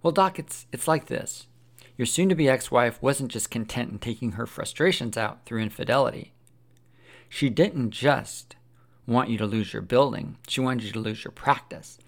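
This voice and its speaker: A gloating storybook devil, voiced by a man, sarcastic and taunting as he lays out his schemes. His voice is gravelly and rough at the edges, sitting in a middling pitch. He sneers more than he shouts. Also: moderate pace, close to an everyday voice. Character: sly taunting male devil, Lucifer, mocking.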